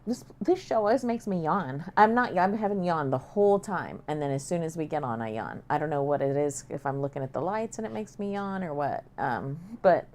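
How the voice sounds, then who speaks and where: A woman's voice: deep voice, lively intonation, brisk, few pauses, a little mellow. A woman co-hosting a casual talk show, talkative and joking, with frequent fillers. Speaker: podcast co-host. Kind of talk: casual chat.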